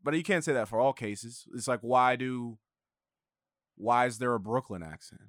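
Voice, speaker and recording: A man's voice: mid-range voice, normal speed, fairly bright tone. An easygoing man in a mid-range voice chats as a podcast guest, hesitant and full of fillers. The sound is dry and close, with no room echo. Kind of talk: casual podcast chat.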